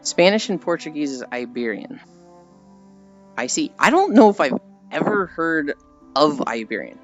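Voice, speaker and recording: An American man with a fairly high, very animated voice chats casually and unhurriedly on a live stream, rambling, reading chat aloud, and laughing at his own stories. The audio is dull and lo-fi, with faint music in the background.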